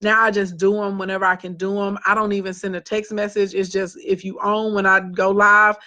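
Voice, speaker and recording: A woman's voice: medium pitch, flat delivery, brisk, bright, forceful tone. A woman with a Southern US accent, a business coach talking bluntly and sassily to viewers in a casual live stream. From Southern United States. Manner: sassy, blunt and talkative.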